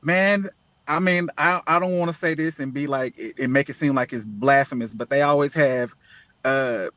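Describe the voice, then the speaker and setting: A man's voice: mid-range voice, normal speed, a bit bright, no echo, dull audio. An earnest man in a casual podcast interview, often repeating words and saying "man" as he talks. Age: adult with children. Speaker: podcast guest, app founder.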